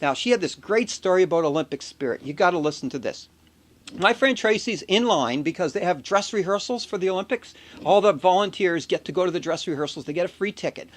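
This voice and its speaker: A man's voice: high-pitched, expressive, a little fast. A man vlogging in a casual, chatty way, telling an anecdote with chuckles. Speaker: video blogger. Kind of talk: casual chat.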